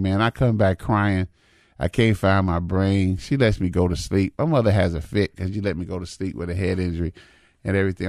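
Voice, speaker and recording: Deep-voiced man in his fifties, storytelling. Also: darkish tone, no echo, clean studio sound. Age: 50s. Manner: folksy, repetitive, says "man" and "you know what I mean". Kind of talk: casual storytelling monologue.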